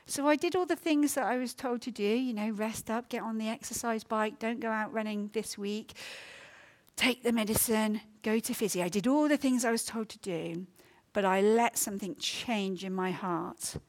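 A woman's voice: fairly high pitch, normal speed. A middle-aged woman from England preaching a sermon in church, telling personal stories in an earnest, emotional way with many fillers.

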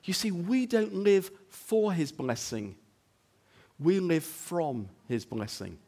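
An expressive male pastor, his voice a touch higher than average for a man, talks with his congregation through a sermon full of rhetorical questions and frequent "okay?" checks. He sinks into soft, low passages, then builds to loud, emphatic ones.

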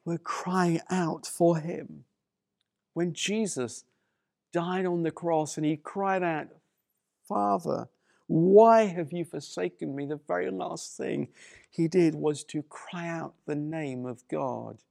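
Slow, gravelly-voiced male preacher. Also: a little high, fairly even intonation, a little mellow, dry recording, studio quality. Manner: emphatic, repeats key phrases. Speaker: pastor. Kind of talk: sermon.

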